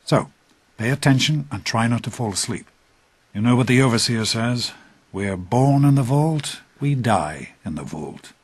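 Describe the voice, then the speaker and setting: A husky, earnest vault dad. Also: male voice, mid-range voice, lively intonation, a little slow, dry recording. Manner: earnest, fatherly, soft-spoken. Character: calm middle-aged vault father, earnest.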